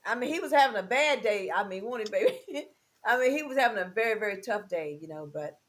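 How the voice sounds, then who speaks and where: A woman hosting a casual chat, telling a story with lively acted-out dialogue. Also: mid-range voice, quick pace, crowd noise. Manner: animated storyteller, acts out dialogue. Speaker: host.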